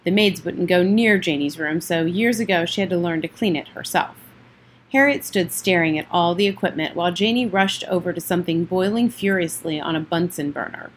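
Woman reading a kids book out loud, steady, kinda low voice, stumbles now and then. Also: fairly quick, a little hiss or hum. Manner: plain steady reading with occasional slips and restarts. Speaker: audiobook reader. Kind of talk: reading a novel aloud.

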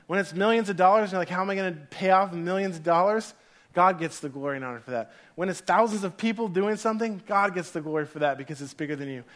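A man with a bright, high voice preaches to a congregation in a church hall. He tells stories with animation and puts on other people's voices. He often laughs as he speaks. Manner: animated storyteller, acts out voices, laughs through anecdotes. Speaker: pastor. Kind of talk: sermon.

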